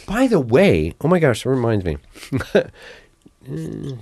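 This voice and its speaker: A man co-hosting a podcast, telling stories in an animated, laughing way. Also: medium pitch, slow, dry recording. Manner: animated storyteller, laughs often. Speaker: podcast co-host. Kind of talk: casual chat.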